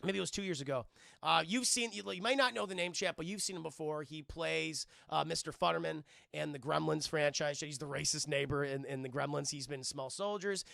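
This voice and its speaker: A man's voice: a little high, a little fast, creaky, sharp tone, no room sound, clean studio sound. A man casually recapping a movie on a live stream, rambling and cursing and constantly addressing his chat. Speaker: film reviewer and streamer. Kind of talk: casual livestream film review.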